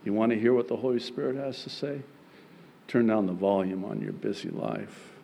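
A man preaching a sermon as pastor, earnest, moving between soft passages and emphatic ones. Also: fairly low pitch, moderate pace, creaky, slight background noise.

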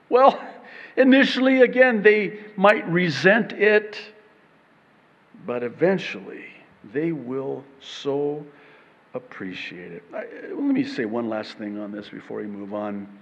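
A man preaching a sermon in an animated way, acting out short exchanges and laughing between points. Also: mid-range voice, gravelly, in a large hall, lo-fi sound. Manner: animated, acts out little dialogues with laughs. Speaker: pastor.

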